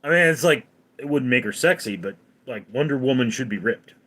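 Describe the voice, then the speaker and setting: A man's voice: mid-range voice, animated, fairly quick, a bit bright. A man hosting a casual live stream, reading viewer comments aloud and answering them offhandedly. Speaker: livestream host.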